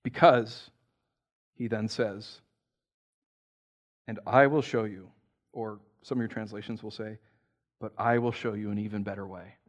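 A man preaching a sermon to his congregation, chatty and animated, often tossing in "right?", and dropping soft and low when he reads scripture. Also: measured pace, long pauses. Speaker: pastor.

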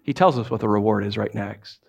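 A man preaching a sermon in an animated way, acting out the voices of animals and listeners as he tells stories. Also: fairly low pitch, a little fast, gravelly, breathy edge, lo-fi sound. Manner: animated, acts out voices of dogs, cats and listeners. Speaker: pastor.

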